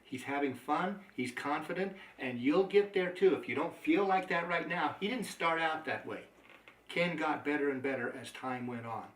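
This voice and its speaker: A man's voice: on the high side, moderate pace, fairly bright tone. A man giving an upbeat, emphatic motivational training talk on network marketing. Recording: echoey room, mic at a distance.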